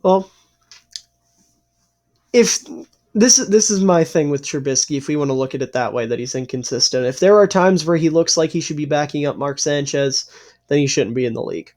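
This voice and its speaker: A man's voice: a little high, moderate pace, darkish tone. A man from the East Coast of the US, hosting a casual podcast over a call. He explains his points at length in an earnest way. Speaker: podcast host. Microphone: remote call.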